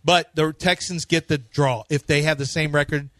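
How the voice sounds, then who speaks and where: A man hosting sports radio, making brash, boastful predictions in loud banter. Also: a little high, fairly even intonation, normal speed, no room sound.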